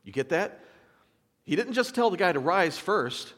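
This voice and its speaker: A man giving a sermon, reading scripture and explaining it in a casual, animated storytelling way with asides. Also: sits high, normal speed. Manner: casual, conversational preaching with fillers. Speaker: preacher. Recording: long hall reverb.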